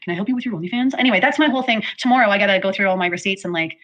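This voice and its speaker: A woman's voice: medium pitch, rapid-fire, a bit bright. A woman hosting a casual livestream, rambling and apologetic, her talk full of fillers. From Canada. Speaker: livestream host.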